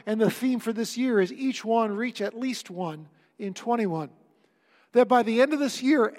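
A male pastor preaching a sermon, earnest and emphatic, with wry asides to the congregation. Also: very high voice. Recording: long reverb of a church hall.

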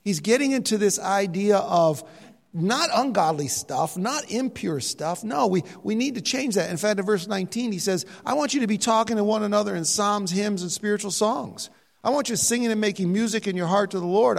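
An older man preaching a sermon, animated and jokey, sometimes mimicking other voices. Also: sits high, brisk, gravelly. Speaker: pastor. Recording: reverberant hall sound.

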